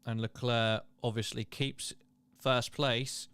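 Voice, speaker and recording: A man's voice: medium pitch, flat delivery, slow pace, fairly bright tone, smooth, no room sound. Chatty man hosting a livestream. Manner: chatty, reads chat aloud, laughs and exclaims. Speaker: livestream host. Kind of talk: casual live watchalong commentary.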